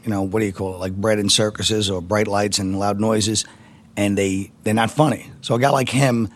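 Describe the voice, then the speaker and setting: A man's voice: lowish voice, normal speed. A man, a comedian telling rambling stories with laughter in a casual interview. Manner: rambling, laughing, animated impressions. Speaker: comedian guest.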